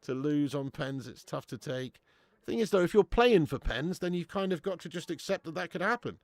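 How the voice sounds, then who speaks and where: A man's voice: fairly high pitch, animated, fairly quick, no room sound. A young man hosting a live watch-along stream, bantering with viewers, swearing and laughing often. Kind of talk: live casual chat to viewers.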